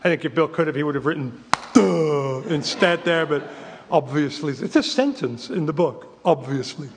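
At a recovery meeting, a man in his fifties, originally from England, reads from a book and speaks emphatically and repetitively, with wry humor. He talks a little fast in a fairly high, expressive voice. The large hall adds a little hiss or hum.

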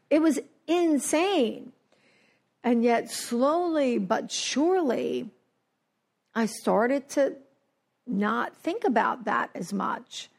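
Gravelly-voiced woman sharing her story. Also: high-pitched, takes it slowly. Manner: animated storytelling, acting out quoted voices. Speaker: speaker sharing at a recovery meeting. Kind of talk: personal recovery share. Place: New Jersey.

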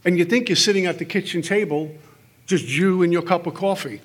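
A man's voice: high-pitched, husky. A middle-aged man speaking at a recovery workshop, telling stories and acting out the voices in his head for a live audience. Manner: storytelling, acts out inner voices with quick asides. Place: meeting hall with audience.

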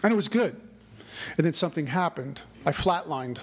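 A middle-aged man gives a personal recovery talk in a fairly high, breathy-edged voice, speaking at normal speed but in an animated way. His manner is earnest and repetitive, built on mantra-like phrasing.

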